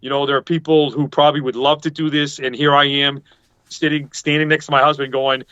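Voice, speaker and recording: Slightly high and a bit bright, his level-toned voice moves a little fast with no echo. He's a podcast panelist rambling through a story in a casual video call chat, acting out quoted people, and the call audio is dull and lo-fi.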